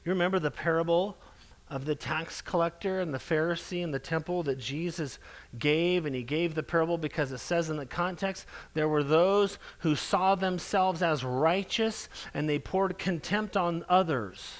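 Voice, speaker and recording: A man with a high voice delivers a sermon earnestly and emphatically. He presses his points and slows down to lean on the scripture he quotes. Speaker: preacher.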